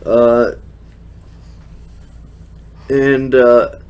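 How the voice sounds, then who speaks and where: A man talks through a casual show recap in a chatty, loose way. He laughs often and drops plenty of fillers as he goes, at an ordinary mid pitch. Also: level tone, extremely slow, darkish tone, clean tone. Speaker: wrestling recap host.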